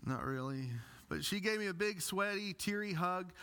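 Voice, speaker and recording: A male pastor preaching a sermon with animated storytelling and self-deprecating humor. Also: a little high, moderate pace.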